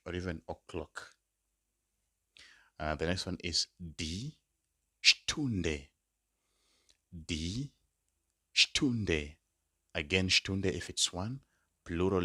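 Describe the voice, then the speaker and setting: A man tutoring a language lesson, patiently repeating each word slowly for learners. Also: deep voice, bright, forceful tone, no echo, studio quality. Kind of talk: spoken lesson.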